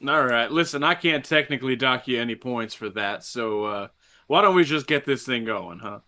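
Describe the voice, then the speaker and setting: Man doing a folksy bluffing cowboy fake inspector, bright voice, mid pitch. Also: normal speed, close to an everyday voice. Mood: pushy. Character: brash cowboy-booted man posing as safety inspector.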